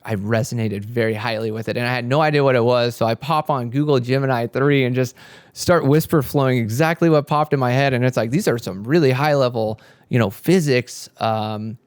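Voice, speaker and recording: A man's voice: mid-range voice, fairly quick, clear, resonant tone, dry recording. A young man telling a spiritual story in a casual, rambling way, swearing often and acting out what he and his friends said. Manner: rambling, profane, animated quoting of himself and friends. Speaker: spiritual content creator.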